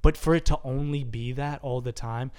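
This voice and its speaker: A man's voice: medium pitch, steady tone, moderate pace, a little mellow, clean tone. A man co-hosting a casual film podcast, talking with passion and emphasis and often cutting in over his partner. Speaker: podcast co-host.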